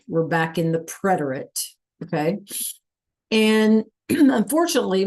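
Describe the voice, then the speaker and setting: A woman's voice: on the low side, a little mellow. A woman teaching a Spanish class over a video call, often checking in with "right?" and "okay?". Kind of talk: online class lesson.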